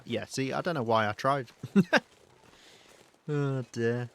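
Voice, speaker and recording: A British man live-streaming a survival game, talking calmly and softly to his chat while he plays. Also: medium pitch, slow, pauses often, clean tone. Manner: calm, soft-spoken, chatty with viewers.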